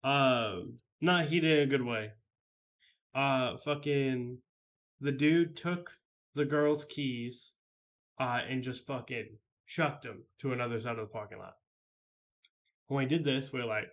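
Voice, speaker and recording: A man's voice: mid-range voice, a little slow, pauses often, fairly bright tone, dull audio. A man telling a story in a casual vlog, rambling and heavily profane with many fillers. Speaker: vlogger.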